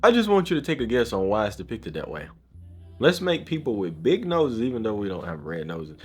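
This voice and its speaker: A man vlogging a casual opinion rant, emphatic and slangy, often saying bro and asking if you know what he's saying. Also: mid-range voice.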